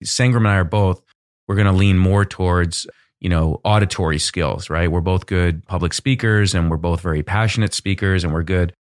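A man's voice: low-pitched, steady tone, normal speed, no room sound, studio quality. A man co-hosting a conversation, speaking in an easygoing, encouraging way with plenty of casual fillers. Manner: encouraging, easygoing, lots of "like" and "you know". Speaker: podcast co-host.

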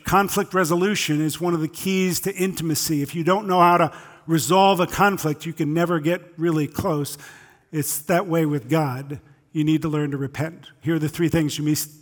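A man's voice: high-pitched, fairly bright tone. A male pastor preaching a sermon, earnest and emphatic, asking pointed questions of the congregation. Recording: long hall reverb.

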